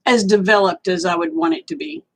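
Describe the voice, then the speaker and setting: A woman's voice: mid-range voice, big pitch swings, fairly quick, slight background noise, rough recording. An older woman, sleepy and yawning, chatting casually on a livestream and answering viewers' comments. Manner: drawling, chatty, reads viewer comments aloud. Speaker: livestream host.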